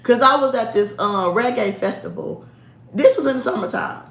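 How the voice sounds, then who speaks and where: Candid, sassy woman vlogger, higher voice, echoey room. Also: normal speed, gravelly, fairly bright tone. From United States. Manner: sassy, candid, laughs often. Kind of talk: casual chat to camera.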